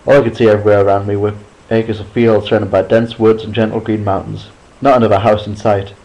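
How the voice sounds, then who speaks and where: A man reading a chapter book aloud at a steady pace, sometimes restarting a line after a slip. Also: fairly low pitch, creaky, low-quality recording. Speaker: reader. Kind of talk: amateur audiobook reading.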